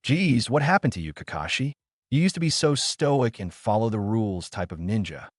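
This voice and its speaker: A man's voice: on the low side, lively intonation, moderate pace, dry recording, clean studio sound. A man voicing a cool, dismissive young male ninja, in a storybook reading.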